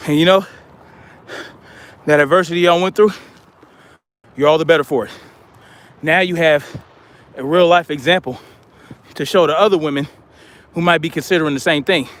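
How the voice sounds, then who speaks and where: Guy on a livestream reading chat out loud and talking back to it, kinda high voice, outside somewhere in the city. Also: moderate pace, pauses often. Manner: reads viewer comments aloud and responds conversationally.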